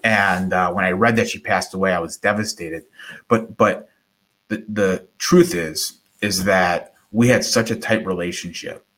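A middle-aged man, a guest, telling a personal story in conversation, animated and acting out quoted voices. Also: low voice, unhurried. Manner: animated, acts out quoted voices, repeats words.

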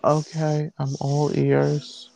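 A man voicing a shy, hopeful teenage girl in an improvised fan role-play, speaking haltingly. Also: a little high, completely flat delivery, creaky, warm tone, soft background music, voice pushed up, heavily acted, poor audio.

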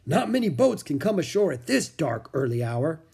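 A hearty, jolly monk, bald and middle-aged, speaking with a slightly husky edge, as a storyteller puts him on. His voice swings lively up and down. He is friendly but turns serious when warning about danger. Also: fairly high pitch, normal speed, pitched above the performer's own voice, heavily acted. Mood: amused.

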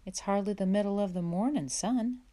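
A woman performs the role of a firm, practical farmer father who stays steady and calm. She uses a mid-range, dark-toned voice at normal speed, pitched a little above her own and close to how she'd normally talk.

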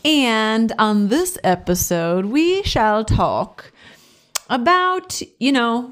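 Chatty woman co-hosting a podcast. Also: mid-range voice. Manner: chatty, drawn-out phrasing with fillers. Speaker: podcast co-host. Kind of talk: casual chat.

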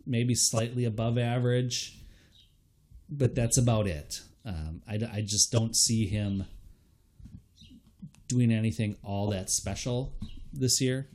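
A young man in casual podcast chat, analyzing fantasy football with relaxed fillers and hedges. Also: mid-range voice, takes it slowly, pauses often.

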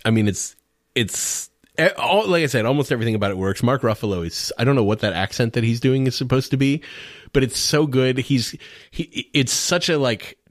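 A man co-hosting a podcast talks casually about movies, laughing while he describes scenes and often restarting sentences with plenty of fillers. His voice is medium-pitched, recorded in clean studio sound with no echo.

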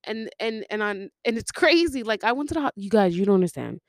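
A young woman hosts her own podcast, telling a personal story in a casual, confessional monologue that wanders off on tangents and is full of laughter. She talks fast in a mid-range voice with lively intonation. The sound is studio quality with no echo.

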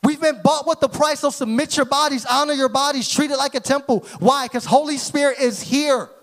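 A man in his thirties preaching a sermon with energy, sometimes rising to shouts. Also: extremely high pitch, fairly quick. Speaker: pastor.

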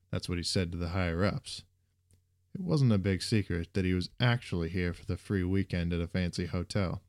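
A man narrating a story in a steady, even reading voice. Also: low voice, no room sound, studio quality.

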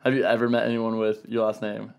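A man's voice: on the low side, completely flat delivery, quick pace, creaky, darkish tone, smooth. A young man co-hosting a casual podcast, tossing in dry, teasing jokes. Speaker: podcast co-host.

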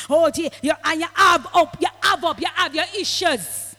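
A woman preaching a sermon, dropping into patois and rising to shouts. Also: sits high, fairly quick, hardly any pauses, in a large hall. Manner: impassioned, slips into patois, rises to shouts.

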